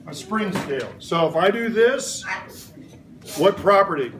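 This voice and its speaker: A man's voice: high voice, lively intonation, measured pace, reverberant, distant mic, background noise. A middle-aged man teaching a science lesson in a classroom, quizzing the class in playful call-and-response. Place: elementary school classroom.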